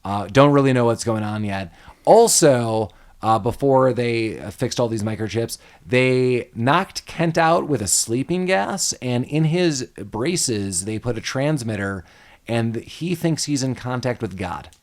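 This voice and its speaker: A man's voice: medium pitch, a little slow. A man hosting a podcast, recapping a movie in casual chat and acting out the characters. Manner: animated, swears, acts out characters with laughs. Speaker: podcast host.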